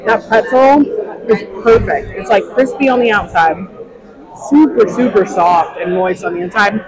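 A woman's voice: medium pitch, moderate pace. A woman co-hosting a casual food review vlog, upbeat and enthusiastic about what she tastes. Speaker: co-host. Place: busy theme park bar. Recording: noisy crowded bar. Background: crowd chatter.

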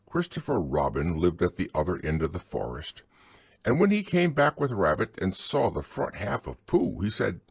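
A man narrating a storybook as a bedtime audiobook, husky, slow and soothing. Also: fairly low pitch, very animated, no echo.

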